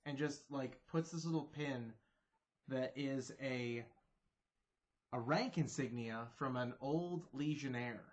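A man's voice: mid-range voice, takes it slowly. A man narrating as game master, playful and a bit rambling, laughing between beats.

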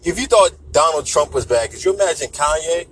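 A man's voice: on the high side, animated, brisk, fairly bright tone, husky, rough recording. A man in a casual, profane, joking rant who keeps slipping into mock voices. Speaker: vlogger.

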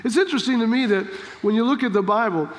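A pastor preaching an emphatic sermon, full of rhetorical questions and rising to shouts. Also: male voice, extremely high pitch, quick pace. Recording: long hall reverb.

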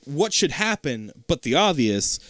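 A man's voice: on the high side, very animated, a little slow, fairly bright tone, no echo, studio quality. A man co-hosting a casual podcast, retelling a movie plot with lots of laughing and swearing. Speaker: podcast co-host.

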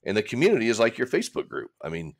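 A man's voice: mid-range voice, huge pitch swings, racing, vocal fry. A man, a recovery coach speaking candidly in a casual conversation, rambling and acting out his own inner voices. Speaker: recovery coach, podcast guest.

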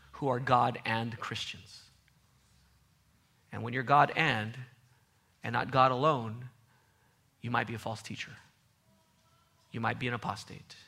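A man preaching a sermon with emphatic repetition, his voice swinging from loud outbursts to soft low passages. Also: gravelly. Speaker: pastor.

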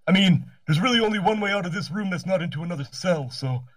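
A man's voice: high voice, expressive, fast, fairly bright tone, no room sound, distant mic. A man running a tabletop role-playing game as game master, describing scenes in a rambling, self-correcting way and laughing often.

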